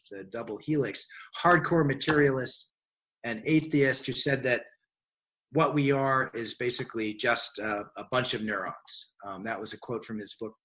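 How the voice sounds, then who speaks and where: Bright-voiced man musing in conversation. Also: medium pitch. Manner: thoughtful, rambling with restarts and fillers. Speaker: science writer, interview guest. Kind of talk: conversational interview answers.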